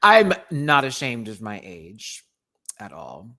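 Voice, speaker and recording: This American channel host has a mid-range voice and a slow pace. His review of a show comes as a casual live-stream rant that's animated, sassy, and jokey, punctuated by laughs.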